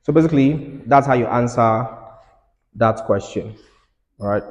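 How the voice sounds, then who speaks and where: Male lecturer, classroom lecture, mid pitch, repeats points, long hall reverb. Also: normal speed, a little mellow, highs cut off. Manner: repetitive, urging students to listen. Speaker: engineering lecturer.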